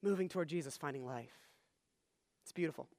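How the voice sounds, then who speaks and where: A man's voice: a little high, brisk, gravelly, darkish tone. A man preaching a sermon as pastor, teaching earnestly and checking in with the listeners. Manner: earnest teaching, frequent "all right?" check-ins. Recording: long hall reverb.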